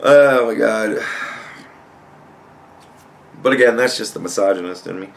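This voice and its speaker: A man's voice: on the low side, measured pace, gravelly, slight background noise. A man hosting a podcast in a casual, rambling comedic monologue, swearing freely and laughing often. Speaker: podcast host.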